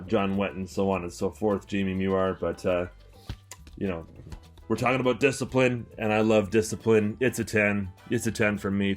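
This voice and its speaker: A young man from Canada talks through a beloved record in a loose, excitable review, his low voice tripping over fillers and restarts. Faint music plays behind him. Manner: enthusiastic, rambling with many fillers and restarts. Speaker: record collector and store owner, channel host. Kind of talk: casual album-review chat to camera.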